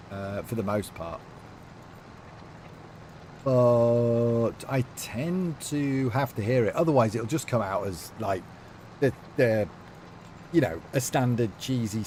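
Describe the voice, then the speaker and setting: A man's voice: medium pitch, darkish tone. A man with a chatty manner, casually talking to his live-stream chat while playing, with faint noise behind him. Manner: chatty, reads out and answers chat.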